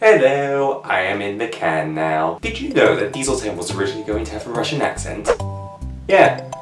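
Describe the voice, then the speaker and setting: A man's voice: fairly low pitch, big pitch swings, moderate pace. A man narrating a comedic video review in a sarcastic, exasperated way, often swearing. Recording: background music under the voice.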